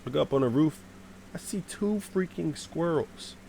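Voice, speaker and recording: A man telling a casual, rambling storytime to his channel, slangy, with sudden shouted bits. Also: a little high, normal speed, creaky, slight background noise. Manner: animated, swears, shouts out acted lines.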